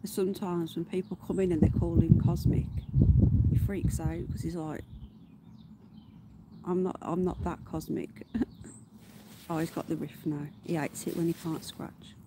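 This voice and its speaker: A woman chats casually to her livestream viewers while out in the garden. Her voice sits a little low, and she swears offhand. Outdoor noise is clearly audible behind her. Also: level tone, normal speed. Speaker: livestream host.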